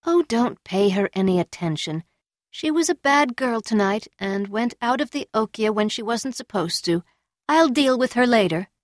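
A woman's voice: on the high side, lively intonation, normal speed, dry recording, studio quality, lightly acted. A woman voicing a scheming young geisha who coaxes and pleads in a raised, wheedling voice. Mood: dismissive. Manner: coaxing, wheedling.

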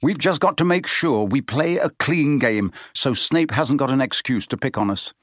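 A man reading an audiobook, voicing an intense young team captain who yells at his players. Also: mid-range voice, expressive, moderate pace, no echo, clean studio sound, voice pushed up. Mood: defensive. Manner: yelling, insistent.

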